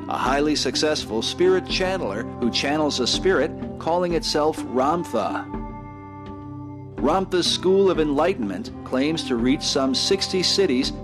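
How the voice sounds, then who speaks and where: Grave male documentary narrator over music. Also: fairly high pitch. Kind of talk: scripted narration.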